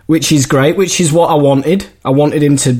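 A man's voice: fairly high pitch, steady tone, moderate pace, a little mellow, breathy edge. A man co-hosting a casual film review chat, hesitant and trailing off. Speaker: podcast co-host.

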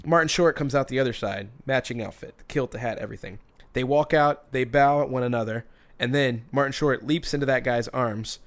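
A man hosting a podcast tells a long story in loose casual chat. He rambles, restarts his sentences and laughs as he goes, and his voice sits at an ordinary middle pitch. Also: fairly quick, few pauses.

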